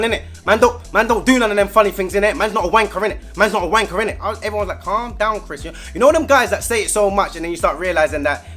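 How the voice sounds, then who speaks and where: A young man with a London accent telling a comic story from his school days in loud, animated street slang. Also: high voice. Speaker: vlogger.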